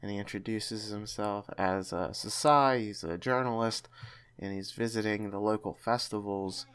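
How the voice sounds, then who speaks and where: A man hosts a casual podcast in a low, smooth, resonant voice. He talks in a chatty way and often trips over and restarts his sentences. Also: moderate pace, a bit bright. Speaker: podcast host.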